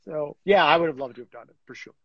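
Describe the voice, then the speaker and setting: A man chatting as a guest in an interview, animated and full of fillers and restarts. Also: fairly high pitch, fast talker, muffled recording. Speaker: guest, comic book writer. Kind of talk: casual interview chat.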